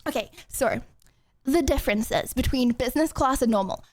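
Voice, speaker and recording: A woman's voice: sits high, normal speed, darkish tone. A young woman streaming in casual chat, rambling and chatty with lots of filler words.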